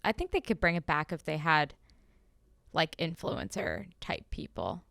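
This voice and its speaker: Easygoing young woman, low voice. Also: very animated, a little slow, vocal fry, a bit bright, no room sound, clean studio sound. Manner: easygoing, hedging remarks. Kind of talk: casual chat.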